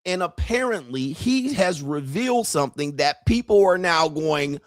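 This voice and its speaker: A man hosting a commentary channel, telling jokey stories in a loud, profane, animated way. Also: on the high side, normal speed, no echo, clean studio sound. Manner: profane, joking, animated storytelling. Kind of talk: casual commentary.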